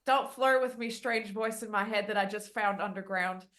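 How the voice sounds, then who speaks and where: A woman's voice: mid-range voice, normal speed, fairly bright tone. A woman playing her character in a tabletop game, talking bluntly and with amusement. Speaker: player.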